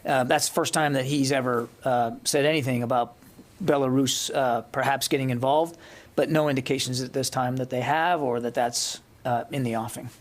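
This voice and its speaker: A man answering reporters' questions at a press briefing, measured and careful, with frequent hesitations and restarts. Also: medium pitch, steady tone, a little hiss or hum. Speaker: press secretary. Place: briefing room.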